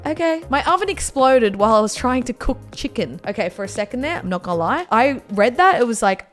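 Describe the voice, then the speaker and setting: A woman's voice: medium pitch, expressive, a little fast, hardly any pauses, soft background music. A young woman doing comic reaction commentary with playful, exaggerated outbursts and jokey asides. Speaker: YouTuber reacting to pictures.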